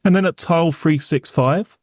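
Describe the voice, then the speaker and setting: A man's voice: a little high, moderate pace, a little mellow, no room sound, studio quality. A man playing a prosecuting barrister in a courtroom reenactment, asking formal, probing, pointed questions. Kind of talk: courtroom cross-examination reenactment.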